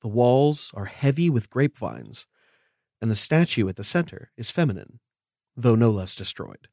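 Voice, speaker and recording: A man's voice: mid-range voice, sing-song, moderate pace, gravelly, warm tone, no room sound, studio quality. A man narrating a tabletop game as game master, describing scenes in detail.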